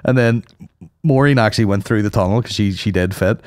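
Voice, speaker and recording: Young man, lowish voice, dry close sound, casual sweary podcast banter. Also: fairly quick, a little mellow, smooth, dry recording. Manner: loose, sweary banter with laughs. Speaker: podcast co-host. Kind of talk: casual chat.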